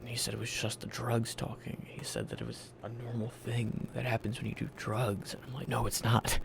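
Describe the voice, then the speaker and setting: A man's voice: medium pitch, sing-song, a little fast, creaky, noisy background. A young man from Virginia casually telling his life story in a blunt, profane, candid way, acting out what people said to him. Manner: blunt, profane, candid, acts out quoted lines.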